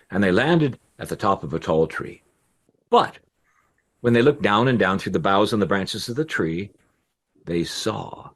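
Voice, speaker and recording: A professional male storyteller telling a folk tale with rhythmic, repeated phrases. His husky voice sits fairly low and moves slowly. His pitch swings widely as he performs. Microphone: pre-made recording.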